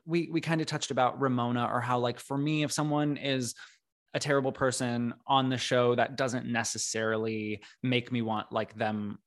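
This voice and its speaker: A man's voice: medium pitch, steady tone, moderate pace. A man speaking as a podcast guest in casual conversation, hesitant and searching for his words.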